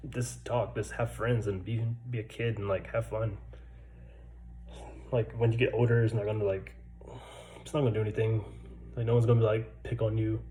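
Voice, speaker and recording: A man's voice: fairly low pitch, dark tone, slight background noise, rough recording. Laid-back stuttering man in his twenties. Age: 20s. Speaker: vlogger. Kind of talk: casual personal storytelling. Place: military barracks room.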